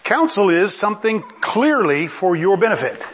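A middle-aged man preaching a sermon in a lively, conversational way, often asking the congregation questions. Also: high voice, moderate pace, slightly rough.

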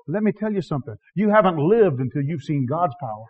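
In a dull, lo-fi recording where the highs sound muffled, a high-pitched missionary preacher gives an expressive, fairly quick sermon. He swings from shouts to soft tones and keeps chuckling throughout.

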